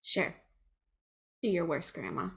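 A defiant young witch, played by a woman, blunt, mocking and quick to swear. She talks in an unhurried, deliberate way, even when she pushes back. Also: on the low side, gravelly, pitched below the performer's own voice, heavily acted.

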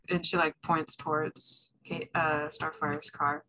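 Woman playing an rpg, low voice, slow and hesitant. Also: flat delivery, bright, forceful tone, a little hiss or hum, rough recording. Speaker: player. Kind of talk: playing a tabletop role-playing game.

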